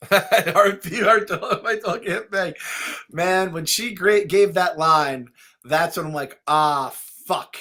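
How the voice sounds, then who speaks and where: A man with a somewhat high, bright and forceful voice co-hosts a casual podcast. He gets worked up easily, swears loudly and pokes fun at himself while talking about a movie. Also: unhurried. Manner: excitable, loud swearing, self-mocking rants. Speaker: podcast co-host.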